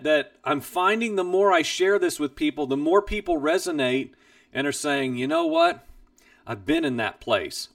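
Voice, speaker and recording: A man's voice: fairly high pitch, gravelly, no echo, studio quality. A man hosting a Bible teaching program, sharing a personal testimony in an earnest, emphatic way, recorded a little distant from the mic.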